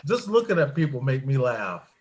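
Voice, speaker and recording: A man's voice: medium pitch, very animated, normal speed, slight background noise. A man who drives an airport shuttle bus, telling jokey work stories in casual chat and laughing often at his own wordplay.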